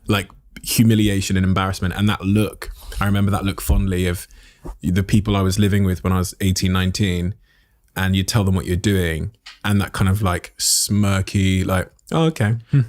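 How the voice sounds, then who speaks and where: Very deep-voiced male podcast host. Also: level tone, no room sound, studio quality. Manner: reflective, measured questions. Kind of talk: interview questioning.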